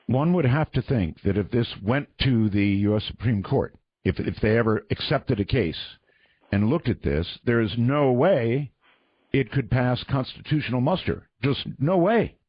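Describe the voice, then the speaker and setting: A man's voice: medium pitch, lively intonation, moderate pace, no echo, highs cut off. A man hosting a radio talk show, interviewing a guest with pressing, prodding questions.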